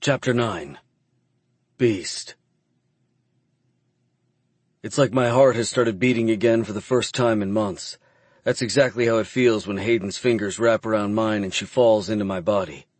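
A man narrates a first-person romance chapter in a low voice. His delivery is measured and subdued. The recording is close and dry. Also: slightly rough, no room sound. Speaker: audiobook narrator.

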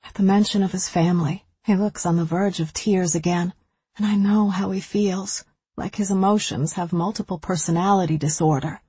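A woman's voice: on the low side, fairly even intonation, normal speed, mellow, husky, dry recording. A woman narrating a first-person novel in an intimate, emotional way, recorded close to the mic. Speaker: audiobook narrator.

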